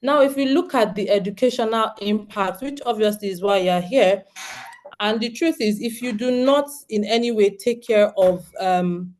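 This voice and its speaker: A woman's voice: mid-range voice, moderate pace, a little mellow. A Nigerian woman in her thirties speaks to a group of homeschooling parents. She is earnest and direct, and she keeps turning to her listeners with questions. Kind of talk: talk to parents.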